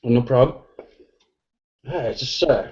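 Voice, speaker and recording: A man's voice: mid-range voice, slow, darkish tone, muffled recording. Tipsy rambling middle-aged man. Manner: rambling, crude, full of verbal fillers. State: tipsy from drinking beer. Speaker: podcast guest. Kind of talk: casual chat.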